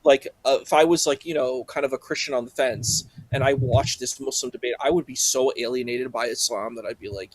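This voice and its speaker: A man's voice: medium pitch, steady tone, a little fast, few pauses. A man speaking as a guest in a casual panel chat, hesitant, with lots of restarts and fillers.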